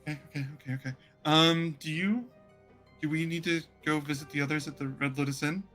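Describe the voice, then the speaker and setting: A man's voice: on the high side, fairly even intonation, a bit bright, faint music behind, pitched above the performer's own voice, lightly acted. A man voicing an awkward, flustered young woman adventurer in a tabletop game, stumbling and repeating himself. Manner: halting and repetitive.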